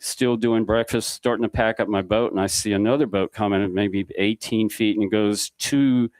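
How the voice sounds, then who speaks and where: A low-pitched man spins a long, rambling story on a podcast, slipping into the voices of the people he met. The sound is dry and close, with no room around it. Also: dry recording. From Mississippi Gulf Coast. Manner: rambling anecdotal storyteller acting out dialogue. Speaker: podcast guest. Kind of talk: casual storytelling.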